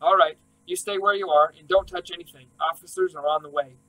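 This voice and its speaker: A man voicing a calm, businesslike female emergency dispatcher asking procedural questions. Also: sits high, brisk, low-quality recording.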